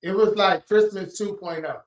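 Man with a high voice on an interview, slangy and laid back, echo in the room. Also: fairly even intonation, moderate pace. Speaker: reality show cast member, guest. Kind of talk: casual interview chat. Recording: roomy echo.

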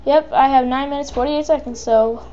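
A woman giving excitable, chatty commentary while playing a video game and talking to her viewers. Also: sits high, normal speed, lo-fi sound. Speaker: let's play gamer. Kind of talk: live gameplay commentary.

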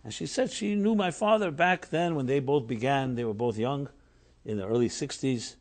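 Middle-aged male rabbi, mid-pitched, animated lecturer who tells stories and rises hard on key points. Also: normal speed. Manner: animated, storytelling with emphatic rises. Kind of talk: Torah class lecture.

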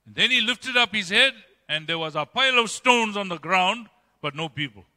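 Bright-voiced preaching man in reverberant church. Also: animated, moderate pace. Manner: emphatic preaching with dramatic swings in pitch and loudness. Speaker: pastor. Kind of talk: sermon. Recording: long church-hall reverb.

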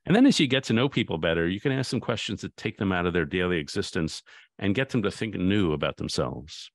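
Man, very deep voice, gravelly, dry close recording, thoughtful storytelling, restarts sentences. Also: animated, fast, no room sound. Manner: thoughtful, anecdotal, with frequent restarts. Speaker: guest author. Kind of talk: reflective conversation.

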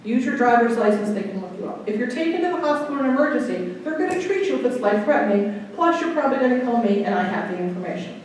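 A woman's voice: a little high, expressive, fast, few pauses, a little hiss or hum. A woman giving a chatty, story-filled talk to a club audience, often checking in with the listeners. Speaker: guest speaker. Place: meeting room. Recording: echoey room, mic at a distance.

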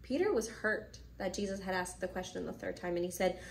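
A woman's voice: on the low side, fairly quick, vocal fry. A woman teaching children at church, reading a Bible story and then explaining it, acting out the characters' lines as she goes.

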